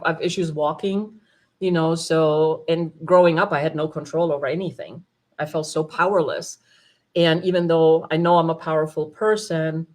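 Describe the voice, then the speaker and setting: A woman with a fairly low voice tells her story as an emotional testimony. She laughs often and switches into little acted-out bits of dialogue. Her delivery stays lively and warm in feeling. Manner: animated, laughing often, acts out quoted dialogue. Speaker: retreat participant sharing her experience.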